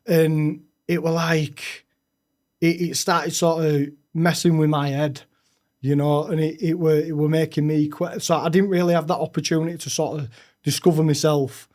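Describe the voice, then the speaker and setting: A young man, a podcast guest telling his own story frankly, with halting restarts. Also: a little high, little pitch movement, darkish tone. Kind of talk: candid personal storytelling.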